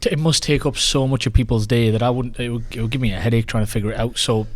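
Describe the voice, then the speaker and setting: A man's voice: mid-range voice, fairly even intonation, fast talker. A man co-hosting a club podcast in casual chat, rambling with lots of fillers and restarts. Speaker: podcast co-host. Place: club podcast recording with mates.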